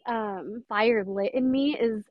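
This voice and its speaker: Earnest woman mentor, slightly high voice. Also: takes it slowly, dry recording, dull audio. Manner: earnest, emphatic, quotes others often. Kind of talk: interview conversation.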